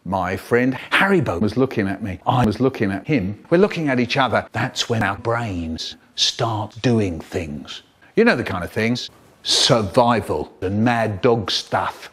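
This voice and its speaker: An older man telling a comic story in a theatrical, expressive way. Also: on the low side, a little slow, breathy edge. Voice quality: expressive, animated delivery. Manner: theatrical, big swoops between voices.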